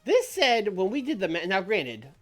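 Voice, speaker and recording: Rambling streamer with soft music behind. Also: male voice, high-pitched, huge pitch swings, moderate pace. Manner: rambling, many fillers. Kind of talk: casual game commentary.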